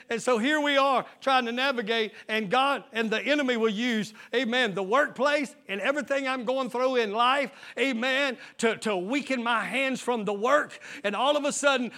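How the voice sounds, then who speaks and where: A man, the lead pastor, preaching a call-and-response sermon in a church, rising into shouts and peppering his lines with amens. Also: very high voice, normal speed, hardly any pauses. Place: church sanctuary.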